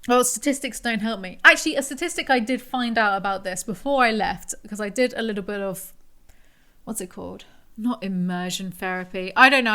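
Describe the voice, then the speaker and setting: A woman hosting a podcast, telling a story in a rambling, animated, self-mocking way. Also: mid-range voice. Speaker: podcast host. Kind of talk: casual storytelling monologue.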